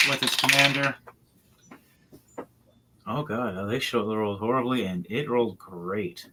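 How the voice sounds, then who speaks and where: Slow-talking man narrating a tabletop game. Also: fairly low pitch, very noisy. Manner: narrates dice rolls and combat turn by turn, with sudden loud outbursts.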